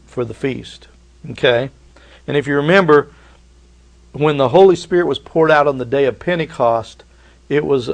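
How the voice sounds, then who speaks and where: A man's voice: medium pitch, creaky. A middle-aged man preaching a prophecy sermon, emphatic and repetitive, with rhetorical questions and folksy asides.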